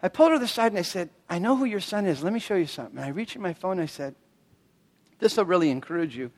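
A middle-aged man preaching a sermon as a pastor, telling stories with animated delivery and acting out the voices of the people he quotes. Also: high-pitched, racing. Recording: long reverb of a large hall.

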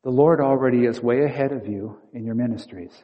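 Pastor preaching in a reverberant hall. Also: male voice, mid-range voice, fairly quick, lo-fi sound. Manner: storytelling, acting out inner dialogue with shifting loudness. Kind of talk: sermon.

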